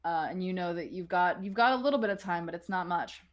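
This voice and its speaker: A woman's voice: on the low side, fast talker. A woman running a tabletop role-playing game, narrating loosely with frequent restarts and laughter. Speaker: game master.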